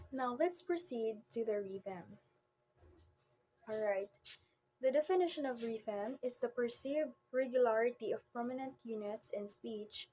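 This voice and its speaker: A woman's voice: a little high, darkish tone, slightly rough, low-quality recording. A woman presenting a classroom lesson, reading definitions aloud and demonstrating word stress in example sentences. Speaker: student presenter.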